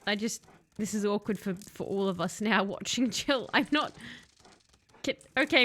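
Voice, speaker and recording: A woman's voice: medium pitch, slow, long pauses, bright, forceful tone. A young woman giving chatty, sarcastic let's-play commentary, talking to the game's hero and to her chat. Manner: chatty, sarcastic, talks to the game character and chat. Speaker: streamer.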